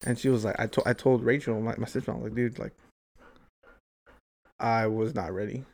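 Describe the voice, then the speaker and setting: Young man, mid-pitched voice, casual storytelling, rambling, swears a lot, filler-heavy. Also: steady tone, a little fast, a little mellow. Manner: profane, rambling, heavy use of "like" and "dude".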